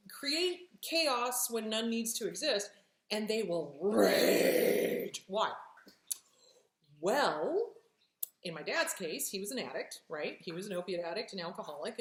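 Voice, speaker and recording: A woman with a mid-range voice hosts a relationship show, answering questions plainly and bluntly with swearing, and the sound is roomy. Animated and emphatic, she often acts out quoted reactions in different voices.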